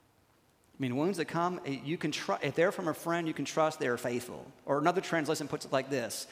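Conversational pastor preaching in a reverberant church hall. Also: male voice, fairly high pitch. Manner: conversational, punctuates with "okay?", slows down to stress key lines. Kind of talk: sermon.

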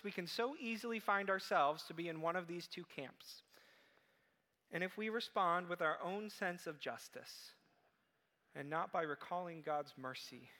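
Casting: male pastor, bright forceful tone, animated storyteller. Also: on the high side, big-room sound. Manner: animated storytelling, acting out quoted voices. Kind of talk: sermon.

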